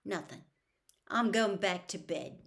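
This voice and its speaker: A woman's voice: mid-range voice, lively intonation, takes it slowly, gravelly. A woman reading as a sulky, hurt teenage boy.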